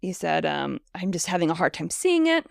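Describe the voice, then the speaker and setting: A woman's voice: on the low side, very animated, a little fast, gravelly, no room sound, clean studio sound. A woman co-hosting a podcast, casually and animatedly recapping a TV episode, laughing often. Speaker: podcast co-host.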